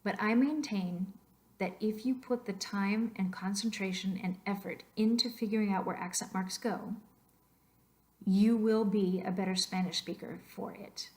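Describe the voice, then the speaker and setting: A woman's voice: medium pitch, fairly even intonation, a little mellow. Patient woman teaching over narrated slides. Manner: patient, explains slowly, models pronunciations aloud. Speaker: Spanish teacher.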